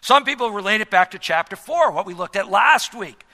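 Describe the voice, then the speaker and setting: A male pastor preaching with a high, animated voice that climbs and falls sharply. His tone is very bright and ringing, and he swings between loud declarations and hushed phrases. The sound carries a long reverb. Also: brisk. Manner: emphatic preaching with wide swings in loudness. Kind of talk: sermon.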